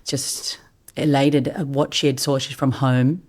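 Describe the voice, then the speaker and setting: A woman with a strikingly deep, low voice recalls an experience for a podcast in a soft, unhurried way. Her delivery stays hushed and often drifts into breathiness. She sounds middle-aged and reflective. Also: flat delivery. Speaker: podcast guest, vocalist. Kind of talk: reflective storytelling.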